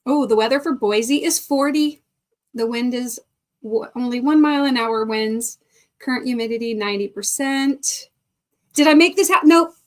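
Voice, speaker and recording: A woman's voice: on the high side, normal speed, darkish tone. A middle-aged woman hosting a live stream, chatting casually, reading viewer comments aloud and laughing often. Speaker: livestream host.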